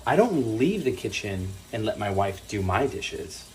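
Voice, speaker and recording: A man showing off as a considerate husband in a slow, teasing way. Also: fairly low pitch, very animated, slight background noise. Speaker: husband in a social media clip.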